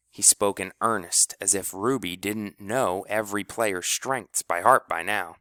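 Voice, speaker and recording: A man narrating an audiobook with expressive storytelling. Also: fairly low pitch, unhurried, hardly any pauses, dry recording, clean studio sound.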